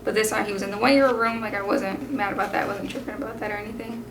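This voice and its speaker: A woman in her twenties, a vlogger and mother, telling a story in a casual, animated way with many fillers. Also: mid-range voice, very fast, over a noisy crowd. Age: 20s. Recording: noisy home recording.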